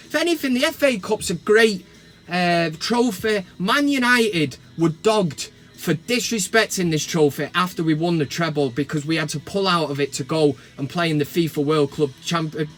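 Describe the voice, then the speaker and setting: A middle-aged man from England with a Mancunian accent, ranting and joking to camera from his van, bursting into mock shouts. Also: high-pitched. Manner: swears and mock-shouts in outbursts. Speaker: vlogger. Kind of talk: casual comedic rant to camera. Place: parked van cab.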